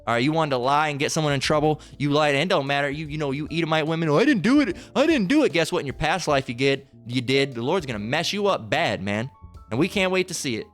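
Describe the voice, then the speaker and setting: A man's voice: fairly high pitch, fast, fairly bright tone, soft background music. A man preaching a heated, profane sermon, ranting, repeating himself and firing off rhetorical questions between scripture readings.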